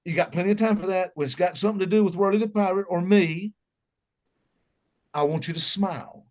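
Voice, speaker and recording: A man's voice: high-pitched, brisk, darkish tone. A middle-aged man with a Southern accent, telling folksy, joking stories as an interview guest. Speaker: musician guest. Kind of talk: casual interview chat.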